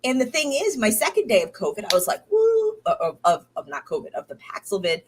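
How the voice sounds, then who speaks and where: A woman's voice: medium pitch, very animated, brisk, a little hiss or hum. A woman in her thirties chatting casually diary-style, rambling with many fillers and restarts, tired and recovering from illness. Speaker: podcast host.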